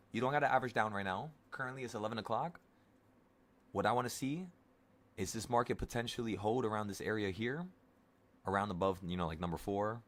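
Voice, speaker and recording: A man's voice: on the low side, fairly bright tone. A man in his twenties, casually talking viewers through an options trade and reassuring them in a rambling, coaching way. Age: 20s. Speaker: options trading streamer. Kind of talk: casual live trading talk to viewers.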